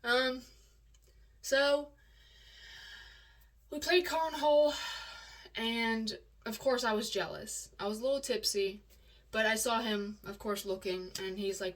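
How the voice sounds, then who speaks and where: A woman's voice: fairly high pitch, slow pace, long pauses. Woman, candid emotional storyteller, some distance from the mic. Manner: emotional, rambling, restarts often.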